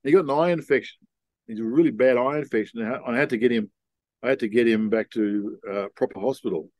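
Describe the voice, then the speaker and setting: An older man being interviewed, telling long rambling stories in a relaxed, casual way. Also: mid-range voice, fast talker, dry recording. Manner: laid-back rambling storyteller. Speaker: guest.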